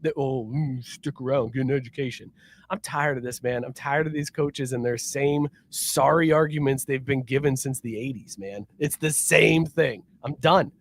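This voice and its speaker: A man's voice: mid-range voice, normal speed, creaky, few pauses, a little hiss or hum. A man co-hosting a sports podcast, ranting casually and profanely with mocking impressions. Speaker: podcast co-host.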